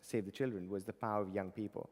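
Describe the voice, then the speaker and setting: A man's voice: fairly low pitch, fairly even intonation, fast talker, darkish tone. A middle-aged man from India, a Bengali speaker, answering earnestly and unhurriedly as a conference guest. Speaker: guest, tech founder and investor. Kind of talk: on-stage conference interview. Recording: reverberant conference hall.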